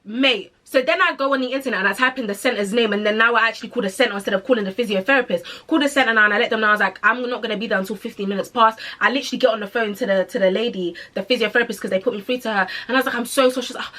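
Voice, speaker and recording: A woman's voice: fairly high pitch, racing, few pauses, pushed and bright. A young woman in her twenties with a British accent and London slang, hosting a podcast and telling a story in casual, chatty talk to her listeners. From United Kingdom. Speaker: podcast host.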